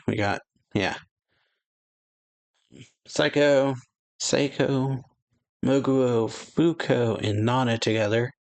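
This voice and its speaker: A man casually reading a manga chapter aloud and retelling its dialogue, with lots of "yeah" and "uh" and quick exclamations. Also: medium pitch. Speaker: anime reaction channel host. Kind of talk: casual manga read-along with reactions.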